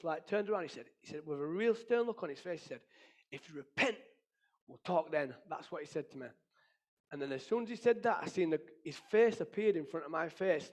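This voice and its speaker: A man, sharing an emotional personal testimony in an earnest storytelling manner. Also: a little high. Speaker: testimony speaker.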